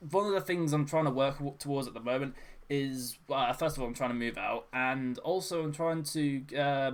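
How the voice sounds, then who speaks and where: A man casually updating his viewers in a vlog, hesitant and apologetic, with many fillers and restarts. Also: medium pitch. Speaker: channel host.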